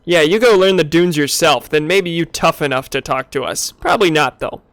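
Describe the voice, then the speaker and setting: A man putting on gruff boorish alien hunters. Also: a little high, expressive, normal speed, a bit bright, no echo. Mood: taunting. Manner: broken grammar, trading childish insults.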